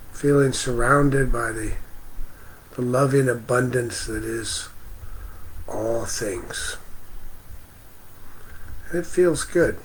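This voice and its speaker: A man hosting a spiritual livestream outdoors, speaking gently and greeting viewers by name. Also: mid-range voice, a little hiss or hum, rough recording. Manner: slow, gentle, reads out viewer comments. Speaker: livestream host. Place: outdoors near a parking lot.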